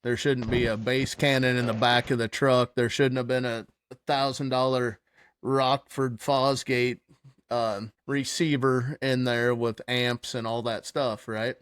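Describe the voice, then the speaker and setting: A man telling a wild story in casual chat, animated, laughing and swearing freely. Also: medium pitch, unhurried, clean tone, no room sound, clean studio sound. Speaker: podcast co-host.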